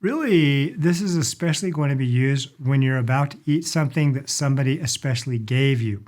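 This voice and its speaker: A middle-aged man giving a casual lesson on polite phrases, repeating each word slowly for learners. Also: mid-range voice, a little mellow. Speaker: language and culture teacher. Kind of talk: casual instructional talk.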